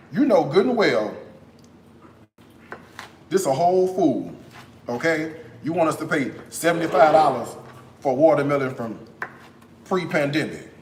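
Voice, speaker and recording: An American man hosting a live cooking stream in a kitchen, talking in a sassy, animated way and tagging his lines with "okay?". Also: a little high, a little slow, pauses often, background noise. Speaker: cooking show host. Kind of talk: casual live-stream chat while cooking. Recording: roomy echo.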